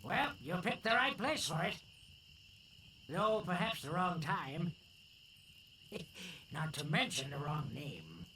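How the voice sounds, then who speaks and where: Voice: mid-range voice, very animated, takes it slowly, pauses often, sharp tone, a little hiss or hum, full character voice. An actor playing an old, blind male island lookout in a pirate adventure game, with a dry, teasing delivery. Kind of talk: video game voice acting.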